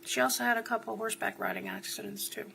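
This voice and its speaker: Bright, gravelly woman testifying in court. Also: on the high side, huge pitch swings, quick pace, slight background noise, low-quality recording. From New Jersey. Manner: short answers, then rambling storytelling. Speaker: witness.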